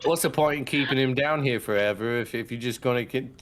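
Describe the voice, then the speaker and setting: A man's voice: mid-range voice, a little fast, fairly bright tone. Earnest, rambling male player. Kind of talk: in-character tabletop role-play.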